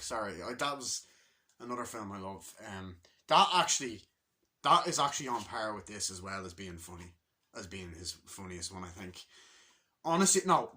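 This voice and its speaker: A man's voice: lowish voice, lively intonation, brisk, sharp tone. A man giving a casual, rambling film review, enthusiastic and full of swearing and restarts. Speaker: movie reviewer.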